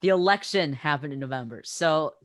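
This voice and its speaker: A man's voice: on the high side, lively intonation, brisk, a bit bright, no echo, studio quality. A teenage boy hosting a casual podcast chat, steering topics with many fillers. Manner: leads the talk, many fillers. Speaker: podcast host.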